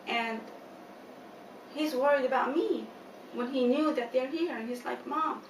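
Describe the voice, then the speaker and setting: A woman's voice: high-pitched, unhurried. A woman giving an earnest personal account in an interview, retelling conversations with many quoted lines. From United States. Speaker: mother of a jailed son, interviewee. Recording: echoey room, distant mic, noisy.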